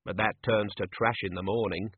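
A man voicing a pleasant-spoken, quietly menacing gang leader, on a tinny, phone-like recording. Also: fairly low pitch, steady tone, moderate pace, slightly rough, dry recording. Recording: tinny phone-like dry audio.

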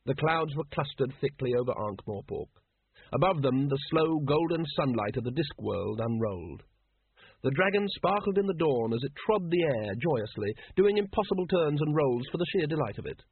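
A man reading an audiobook in an expressive, wry narrating voice. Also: on the high side, normal speed, husky, no echo. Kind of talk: scripted narration. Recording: dry, narrow phone-like sound.

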